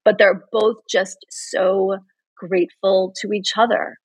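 A woman's voice: mid-range voice, little pitch movement, slow, husky, no echo, poor audio. A middle-aged woman, a TV news anchor, earnestly telling a heartfelt personal story in an interview.

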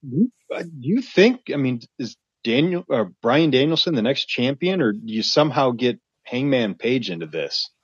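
Husky-ish guy, kinda muffled lo-fi mic, stops and restarts a lot, dry sound. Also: medium pitch, big pitch swings, normal speed, no room sound. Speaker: podcast co-host. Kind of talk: casual wrestling chat.

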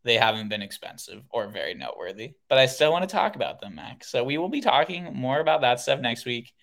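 Bright-voiced laid-back male podcast host. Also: mid-range voice, sing-song, brisk, gravelly. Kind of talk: casual chat, sign-off.

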